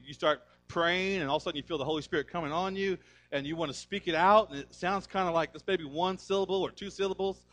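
A male pastor preaching a sermon, emphatic and energetic, calling on the congregation to respond. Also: a little high. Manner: conversational storytelling.

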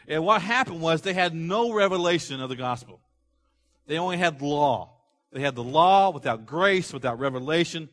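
A man preaching a sermon, animated, asking the congregation to fill in words and acting out the people in the story. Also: on the high side, normal speed. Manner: animated, acts out quoted voices, rising to loud exclamations; asks the audience questions and lets them fill in words. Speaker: pastor.

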